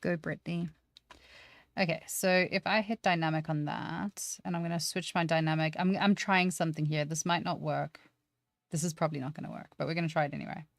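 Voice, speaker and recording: A woman's voice: deep voice, steady tone, fairly quick, no room sound. A woman teaching 3D sculpting on a live stream, chatting casually and poking fun at herself as she works things out aloud. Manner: thinks aloud, self-deprecating, chatty.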